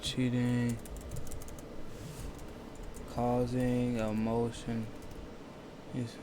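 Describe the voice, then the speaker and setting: A man's voice: mid-range voice, completely flat delivery, very slow, noisy background. A man hosting a reaction video, talking loosely in casual slang with lots of restarts. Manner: loose, slangy, rambling talk with many restarts.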